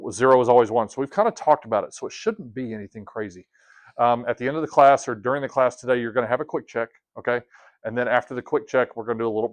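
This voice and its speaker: A male math teacher running a classroom lesson at a middle pitch. He keeps it casual and joking and keeps asking the class questions.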